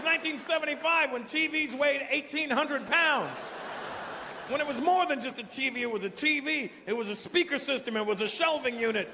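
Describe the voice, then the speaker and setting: A man in his forties performing a stand-up comedy set, telling stories animatedly with profanity and loud punchlines. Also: very high-pitched, a little fast, noisy background. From Canada. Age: 40s. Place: large live venue. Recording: echoey hall with live crowd ambience.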